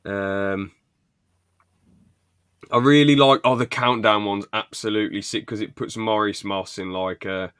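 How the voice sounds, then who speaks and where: A man's voice: lowish voice, steady tone, measured pace, pauses often, fairly bright tone, smooth, no echo, studio quality. A young man co-hosting a podcast, rambling through sitcom scenes and laughing as he retells them. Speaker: podcast co-host. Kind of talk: casual chat recapping a sitcom.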